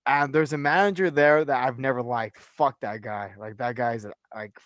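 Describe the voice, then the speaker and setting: A young man on a casual podcast tells a rambling story, full of fillers and swearing. He sounds like a personal trainer catching up with a friend, with a dry, close recording. His pitch sits in the middle range. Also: normal speed, no echo. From California. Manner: animated storyteller, profane, many fillers.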